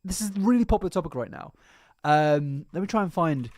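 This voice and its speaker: A woman's voice: low voice, a little fast, dry recording, studio quality. A woman from Britain, live streaming and ranting casually to chat, swearing freely. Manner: animated, swears a lot, reacts to chat.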